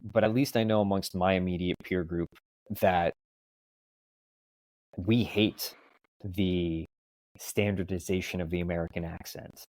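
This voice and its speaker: A man in his thirties, a podcast guest, talking in a discursive, animated way in a relaxed interview. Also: deep voice, unhurried, long pauses, dry recording. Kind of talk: casual conversational interview.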